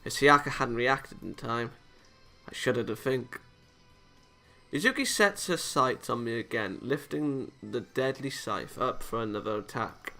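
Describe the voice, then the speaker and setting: A man's voice: mid-range voice, lively intonation, unhurried, creaky, sharp tone, soft background music. A young man reading a visual novel aloud as a let's-play host, casual, with jokey asides and small stumbles.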